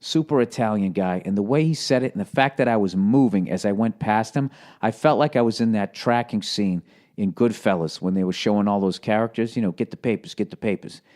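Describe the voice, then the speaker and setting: He talks fairly quickly in a fairly low voice: a forties-aged Boston man hosting a casual solo podcast. Expect rambling, lots of cursing, and sudden shouted movie-gangster impressions.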